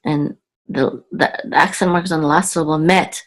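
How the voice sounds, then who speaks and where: A woman teaching Biblical Hebrew word by word, patient and halting, often correcting herself. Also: deep voice, fairly even intonation. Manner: halting, with many fillers and self-corrections. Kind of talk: slow, patient word-by-word lesson.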